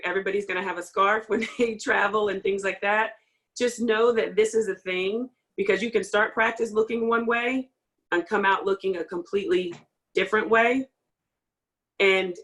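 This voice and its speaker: Woman coach, casual and quick, loose filler-heavy talk on a video call. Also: mid-range voice, a bit bright, rough recording. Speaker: field hockey coach. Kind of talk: panel discussion.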